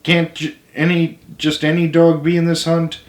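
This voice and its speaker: A man's voice: a little high, completely flat delivery, normal speed, voice pushed up, natural voice. A man voicing an eager, wide-eyed country boy who asks breathless questions. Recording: roomy echo.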